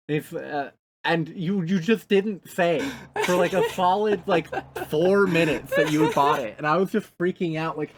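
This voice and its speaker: A man's voice: on the high side, normal speed, background noise. Rambling, swearing male podcast co-host. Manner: rambling, restarts often, swears freely. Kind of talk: casual chat.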